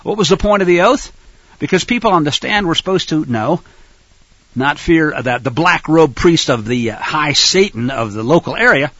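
Animated high-voiced male preacher. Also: normal speed, dry recording. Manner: animated, rhetorical, addresses listeners as folks. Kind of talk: sermon-style Bible teaching. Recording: dull lo-fi recording.

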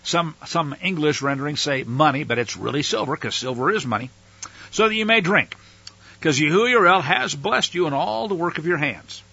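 A man's voice: a little high, lively intonation, fairly quick, gravelly, hardly any pauses, pushed and bright, slightly rough, lo-fi sound. A man reading scripture aloud and breaking in with casual, slangy asides as a Bible teacher.

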